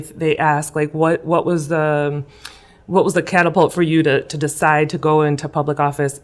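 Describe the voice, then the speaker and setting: A woman's voice: lowish voice, smooth. A woman in her thirties, from Illinois, answering interview questions in an earnest, emotional way with many fillers. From West Chicago, Illinois. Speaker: guest, political candidate. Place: school room.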